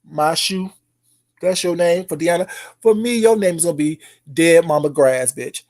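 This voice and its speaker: A YouTuber ranting in a call-out vlog, loud and profane, taunting, repeating a name mockingly and swinging between shouts and low mutters. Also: normal speed.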